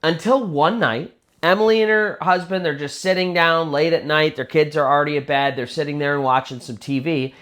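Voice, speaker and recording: In a brisk, slightly bright voice that sits on the high side, a man recounts a spooky true story. His tone stays steady, and he talks conversationally, sprinkling in plenty of fillers like "kind of" and "sort of."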